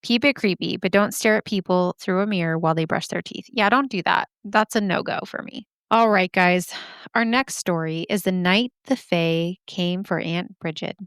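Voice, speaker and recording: A woman hosting a spooky story podcast, chatty and animated, swearing and laughing at herself as she reads listener stories. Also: fairly low pitch, moderate pace, clean tone, no echo, clean studio sound. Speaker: podcast host.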